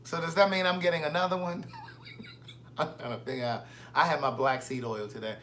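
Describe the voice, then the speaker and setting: A bright, fairly high-pitched man hosts a casual live chat, teasing his friend with sassy banter. A faint hum sits behind him. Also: fairly even intonation, a little fast. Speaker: host.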